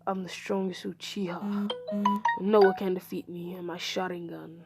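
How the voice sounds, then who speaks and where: A woman's voice: fairly low pitch, little pitch movement, normal speed, over loud music, natural voice. Woman doing an arrogant boy ninja rival. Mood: boastful. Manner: boastful.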